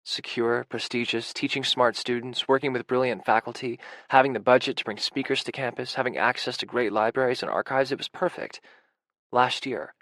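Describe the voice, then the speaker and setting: A man's voice: medium pitch, steady tone, brisk, fairly bright tone, no room sound. Man, audiobook narrator, intimate, emotional, mid-range voice, dry studio sound. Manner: intimate and emotional, with anxious, racing passages. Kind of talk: scripted first-person audiobook narration.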